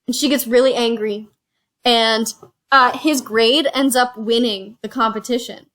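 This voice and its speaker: A chatty woman with a fairly high voice tells a story in a lively, animated way, dropping into little quoted voices as she goes. She sounds like she's talking into a phone camera in a relaxed home chat. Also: moderate pace. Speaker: reviewer and show host. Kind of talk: casual chat, retelling a movie plot. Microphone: phone used as camera.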